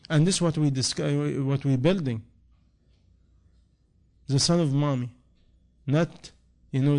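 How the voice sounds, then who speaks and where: Man, preacher, slightly high voice, repeating phrases with rising emphasis. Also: darkish tone. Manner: non-native English, impassioned repetition, rising emphasis. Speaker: imam. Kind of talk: sermon answering a question.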